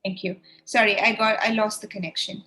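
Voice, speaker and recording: A woman's voice: mid-range voice, steady tone, a little fast, pushed and bright. A woman leading an online training webinar for teachers over a video call, encouraging and demonstrating read-alouds.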